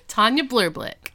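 A woman's voice: on the high side, pushed and bright. A woman co-hosting a casual rewatch podcast, playfully recapping an episode and acting out the characters' lines. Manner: playful, acts out lines in quick voices. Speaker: podcast co-host.

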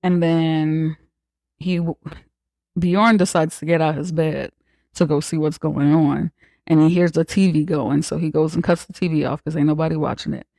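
Casting note: laid-back recap podcaster, slangy and profane, mellow dark tone, dry close sound. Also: medium pitch, steady tone, moderate pace, creaky, no echo. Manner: slangy, profane, joking asides. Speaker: podcast host. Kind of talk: casual movie recap.

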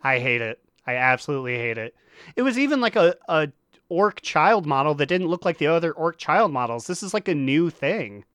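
Animated man retelling, crisp dry voice. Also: on the high side, brisk, no echo. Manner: animated storytelling, acting out characters' lines. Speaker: podcast co-host. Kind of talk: casual gaming podcast chat.

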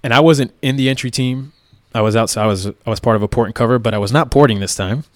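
Speaking quickly in a mid-range voice, a man who works as a police tactical officer tells what happened in a casual, straightforward manner. He uses plenty of "like" and "right?" and occasionally swears. The recording is dry, with clean studio sound.

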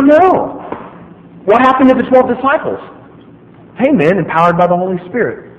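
A man's voice: sits high, slight background noise. A man preaching a sermon, emphatic and joking, speaking straight to his listeners. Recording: echoey hall, dull lo-fi sound.

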